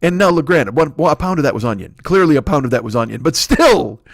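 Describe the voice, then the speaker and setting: A man in his forties hosting a comedy podcast, telling a story in a profane, animated, exaggerating way. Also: a little high, fast talker, gravelly, no room sound, studio quality. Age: 40s.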